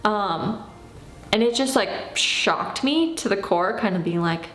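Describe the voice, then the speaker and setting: A woman in her thirties telling a personal story in a casual, animated way, acting out what she said back then. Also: mid-range voice, a little slow, roomy sound. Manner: animated, acts out her own past lines. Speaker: vlogger.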